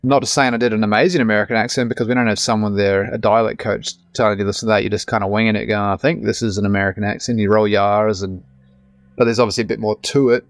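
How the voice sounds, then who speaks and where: Man, Australian accent, 30s, gravelly, fairly low, chatty, rambling, dry close mic. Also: fairly even intonation, fast talker, no room sound. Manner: chatty, rambling with many restarts. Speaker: actor guest. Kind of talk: casual interview chat.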